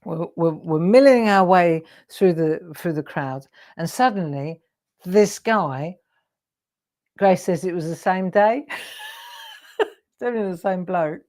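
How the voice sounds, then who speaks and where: A woman's voice: on the low side, slow pace, a little mellow. An English woman hosting a live crafting show, telling rambling anecdotes and laughing often. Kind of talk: chatty storytelling while crafting.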